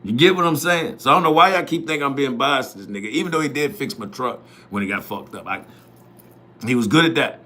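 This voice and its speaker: A man's voice: mid-range voice, expressive, fast talker, pushed and bright, a little hiss or hum. A man who hosts youth football media, giving a blunt, profane, repetitive opinion monologue straight to his viewers.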